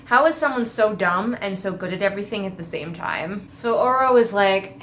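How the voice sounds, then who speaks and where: A woman's voice: mid-range voice, expressive, moderate pace, hardly any pauses, a bit bright, a little hiss or hum. A woman giving a casual, sarcastic book critique, swearing freely and mocking the characters. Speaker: book reviewer.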